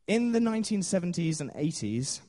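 A man's voice: high voice, sing-song, fairly quick, dark tone. A man preaching a sermon in a chatty storytelling way, with many fillers and small laughs.

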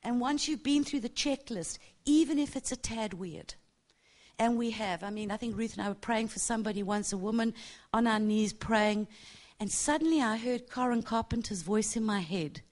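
A woman's voice: a little high, normal speed, darkish tone. Passionate chatty woman preacher. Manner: passionate, chatty, laughs often, tags lines with "yeah?". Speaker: church speaker teaching on prophecy. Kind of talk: informal teaching talk.

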